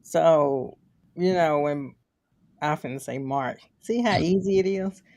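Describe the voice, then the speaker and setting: Laid-back woman cohost, lowish voice, dry close sound. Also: slow, a little mellow, no echo. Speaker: podcast co-host. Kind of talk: casual chat.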